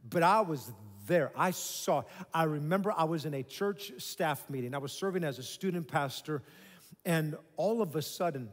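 Emphatic male pastor in a reverberant hall. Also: fairly high pitch. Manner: emphatic, conversational preaching with dramatic pauses. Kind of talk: sermon. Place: church sanctuary.

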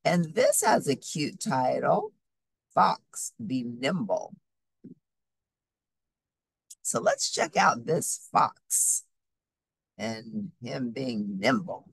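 A woman reads a children's storybook aloud at an unhurried pace. Her voice is husky with a gravelly edge and rises and falls widely. The sound is dry and close. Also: very deep voice, no echo. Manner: slow, expressive storytelling. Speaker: storybook reader. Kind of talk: reading a children's book aloud.

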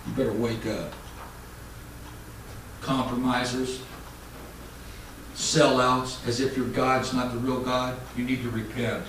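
A man preaching a fiery sermon, swinging from loud mocking shouts to low, intense warnings. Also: level tone, takes it slowly, pauses often, slight background noise. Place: church hall. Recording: echoey church hall mic from a distance.

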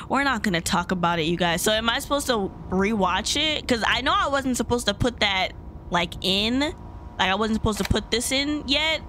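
Lively, bright-voiced woman gamer. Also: fairly high pitch, moderate pace, a little hiss or hum. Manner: chatty, easily startled, talks to viewers. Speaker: gaming video host. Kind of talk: casual gameplay commentary.

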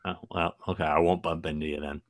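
A man's voice: deep voice, little pitch movement, fast, no room sound, clean studio sound. A man co-hosting a live horror podcast in casual chat, playful and prone to restarts. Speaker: podcast co-host.

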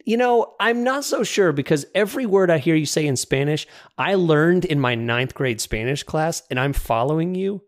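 A man's voice: fairly high pitch, expressive, moderate pace, hardly any pauses. A man co-hosting a podcast in casual chat, easygoing, laughing often and restarting his sentences. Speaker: podcast co-host.

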